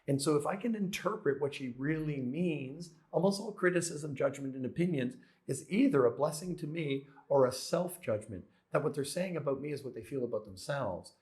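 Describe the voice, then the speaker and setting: Lively earnest male self-help speaker. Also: fairly high pitch, fairly quick. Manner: earnest, repeats phrases, rhetorical questions. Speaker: motivational speaker. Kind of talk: spiritual self-help talk.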